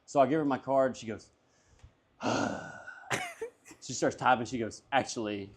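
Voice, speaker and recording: With a husky, medium-pitched voice and a fast delivery, a male comedian guest tells a lengthy story casually. He curses freely, stays animated, and acts out all the dialogue.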